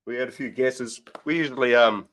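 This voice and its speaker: An Australian man hosts a casual RC mail-opening livestream, easygoing and full of local slang like "mate" and "reckon." His mid-range voice is fairly quick and a bit bright.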